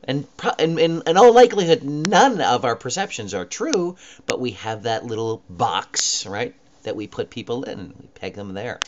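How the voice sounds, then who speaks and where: A man's voice: mid-range voice, lively intonation, moderate pace, hardly any pauses. A man giving a recorded mini lecture, talking conversationally and putting questions to his students. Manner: conversational, asks students questions, many uh fillers. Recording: dull lo-fi recording with clear noise.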